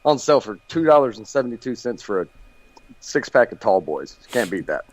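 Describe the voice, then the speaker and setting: A man's voice: medium pitch, big pitch swings, brisk. A man, a panel guest who jokes in a folksy way. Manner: jokey, folksy.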